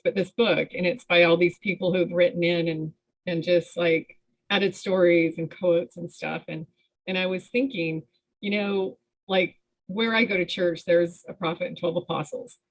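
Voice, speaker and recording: A woman taking part in a fitness challenge, chatting on a video call in a gushing, halting way with many restarts. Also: on the low side, fairly bright tone, rough recording. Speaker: challenge participant. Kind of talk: casual chat on a video call.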